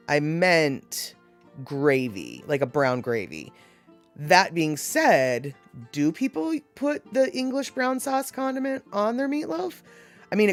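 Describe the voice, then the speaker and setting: A woman hosting a casual live show, chatting with viewers in a self-deprecating, opinionated way. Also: sits low. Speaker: live show host answering viewer comments. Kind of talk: casual chat.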